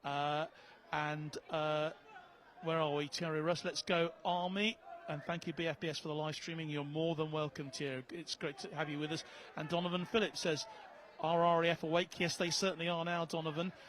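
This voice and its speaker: A man does lead commentary on a live match, moving from even reading of viewer messages to lifted calls on scores. His voice is bright and a touch high. Faint ambient noise sits behind him. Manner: measured, reading viewer messages, rising on big plays.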